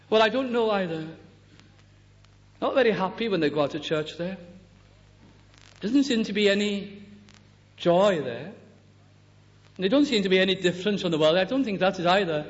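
A man preaching a sermon, slow and deliberate, reciting scripture and hymns and dropping his voice low on key words. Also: lively intonation. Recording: dull lo-fi recording in a reverberant hall.

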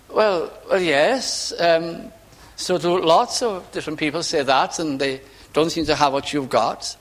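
A man preaching a sermon, asking rhetorical questions and swinging from emphatic to hushed. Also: fairly high pitch, unhurried.

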